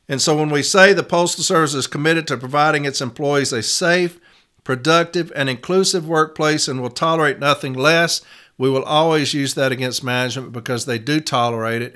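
A man's voice: mid-range voice, sharp tone, clean tone. A man giving an instructional talk as a union advocate, stressing single words and repeating them.

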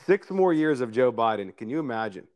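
A man's voice: medium pitch, very animated, a little fast, no echo, muffled recording. A man hosting a political podcast in casual chat, wry in tone and steering the segments along. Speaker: podcast host.

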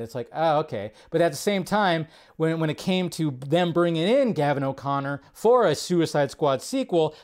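A man hosting a live film commentary stream, talking in a rambling, animated way and jumping up in pitch to stress points. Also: clear, resonant tone.

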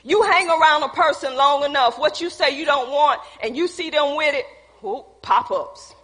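A woman preaches a lively sermon, laughing and calling out to the people in front of her. Her voice sits very high and bright. A long reverb from the church hall trails behind her words. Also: moderate pace. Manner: calls out to the congregation, laughing, playful.

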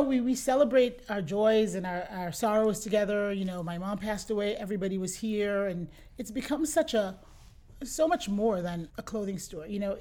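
A middle-aged woman who owns a boutique, chatting as an interview guest and telling lively anecdotes, often acting out what her customers said. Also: mid-range voice. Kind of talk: casual interview storytelling.

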